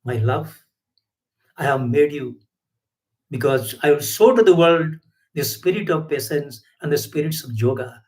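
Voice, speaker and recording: A man voicing a loving, calm god who gently instructs caterpillars in a spoken parable. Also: on the high side, unhurried, long pauses, distant mic, voice pushed down. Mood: gentle soothing. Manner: gentle, soothing commands.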